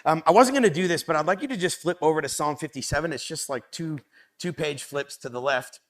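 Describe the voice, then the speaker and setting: A man in his thirties giving a Bible study talk to young people, lively and rising loud when he reads scripture aloud. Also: a little high, fairly quick.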